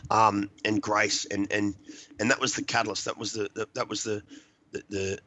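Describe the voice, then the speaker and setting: A middle-aged man, a podcast guest, earnestly telling a personal recovery story with halting restarts. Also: on the low side, level tone, bright, forceful tone, dry recording, dull audio. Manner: earnest, halting, repeats words while searching.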